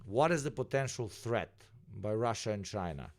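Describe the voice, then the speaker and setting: A man giving casual political commentary as a streamer, sardonic and mocking, now and then jumping into a high mocking voice. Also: sing-song, moderate pace, dry recording.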